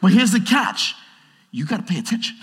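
A man delivers a conversational, lively sermon in a bright, forceful voice that sits a little high for a man. His words ring out through a large church hall with a long reverb. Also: fairly quick, slightly rough. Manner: conversational, animated preaching with acted-out quotes. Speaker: pastor.

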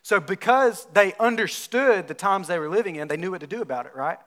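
A man, a pastor from North Alabama, preaching a sermon in a relaxed, conversational storytelling way. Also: high-pitched, a little fast.

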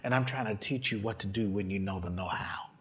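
Over crowd noise, a man with a lowish voice preaches fairly quickly, relating a personal story as a sermon testimony. He acts out the other people's voices, and his storytelling swells into shouts.

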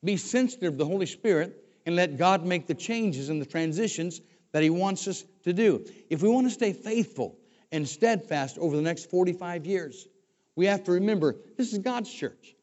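A man's voice: high voice, animated, normal speed, darkish tone. An older man preaching a sermon as a former pastor, conversational and often restarting his words. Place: church sanctuary. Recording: dull recording with long hall reverb.

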